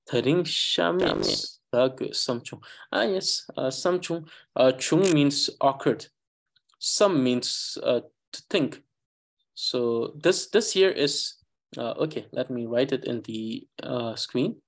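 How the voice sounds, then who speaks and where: A man with an Eastern Tibetan accent teaching a language class over a video call, pausing often with fillers as he thinks aloud. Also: mid-range voice, animated. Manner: halting, many fillers, thinks aloud while explaining.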